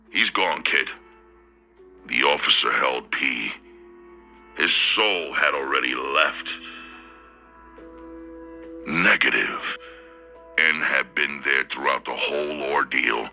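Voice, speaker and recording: Deep gravelly slow-talking male storyteller. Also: pushed and bright. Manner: slow, deliberate, preacherly delivery. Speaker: narrator and audiobook reader. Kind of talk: dramatic storytelling narration.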